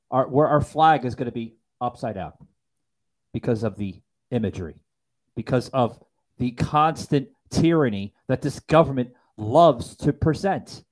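A man's voice: medium pitch, unhurried, darkish tone. A man hosting a political talk show, stammering often and repeating "folks". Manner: stammering with many fillers, keeps saying folks. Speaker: host.

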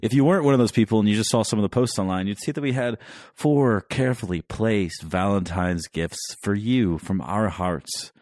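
A man's voice: fairly low pitch, normal speed, darkish tone, no room sound, clean studio sound. A man co-hosting a podcast in casual chat, playful and full of jokes. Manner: playful, jokey banter. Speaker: podcast co-host.

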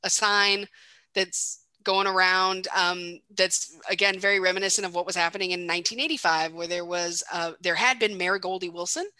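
A woman's voice: lowish voice, steady tone, moderate pace, bright, forceful tone. A woman co-hosting a podcast, retelling a film's story in a chatty way, full of fillers. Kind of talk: casual film recap chat.

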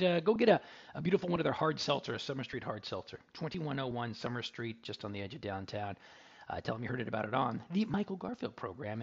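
A man's voice: mid-range voice, vocal fry, highs cut off. A man hosting a radio tech show, chatting casually and joking with puns. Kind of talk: casual radio talk with ad reads.

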